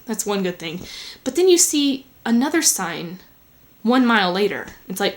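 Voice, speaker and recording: A woman's voice: mid-range voice, animated, moderate pace. Rambling, chatty woman vlogging at home. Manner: chatty, rambling, full of fillers. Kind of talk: casual rambling vlog.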